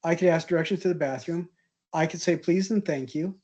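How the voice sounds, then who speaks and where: A man's voice: fairly high pitch, a little fast, darkish tone, highs cut off. A man teaching an art history class, telling casual, rambling anecdotes with fillers and chuckles. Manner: chatty, hesitant, laughs at own stories.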